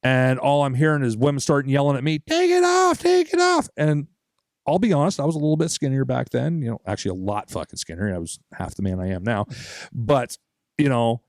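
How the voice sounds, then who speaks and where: A man's voice: medium pitch, fast talker, darkish tone, no room sound, studio quality. A young man co-hosting a podcast, telling a long story in a casual, profane way and acting out other people's lines. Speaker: podcast co-host.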